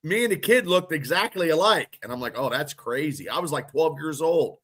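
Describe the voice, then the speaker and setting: A man with a slightly high voice hosts a casual podcast chat. He is blunt and quick to joke while he tells his stories. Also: lively intonation, a bit bright, slightly rough. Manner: blunt, joking storyteller. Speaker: podcast host.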